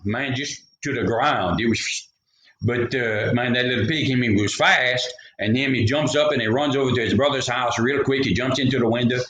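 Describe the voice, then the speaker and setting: A man's voice: medium pitch, normal speed, fairly bright tone. A man telling a folksy story, rambling into jokey asides. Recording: roomy echo.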